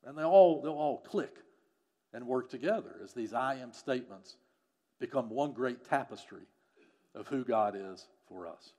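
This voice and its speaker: A man preaching a sermon in a teaching style, explaining scripture and often dropping softer on key phrases. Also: mid-range voice, expressive, normal speed. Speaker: pastor. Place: church or studio with a screen.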